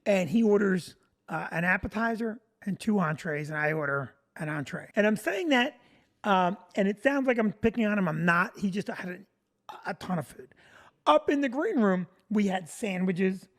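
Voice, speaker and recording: A woman of mid pitch tells a backstage story step by step as a comedian and producer. She lays out each detail in a steady, even way. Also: normal speed. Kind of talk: anecdote on a talk show.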